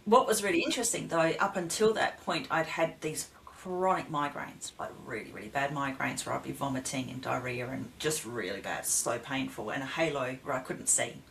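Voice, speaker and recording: A woman's voice: very deep voice, normal speed, vocal fry, hardly any pauses, a bit bright, a little hiss or hum, rough recording. A woman speaking as a podcast guest, recounting painful past events in a plain, matter-of-fact way. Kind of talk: casual podcast conversation.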